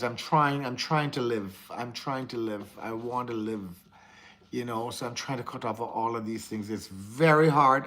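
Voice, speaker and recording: A man's voice: mid-range voice, a bit bright. A man with a Jamaican accent hosting a casual livestream, talking candidly to his viewers, answering the live chat and often repeating himself. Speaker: livestream host.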